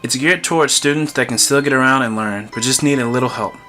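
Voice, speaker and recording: A man voicing a gentle middle-aged father who talks in a soothing, persuasive way. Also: medium pitch, quick pace, soft background music, lightly acted. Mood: coaxing.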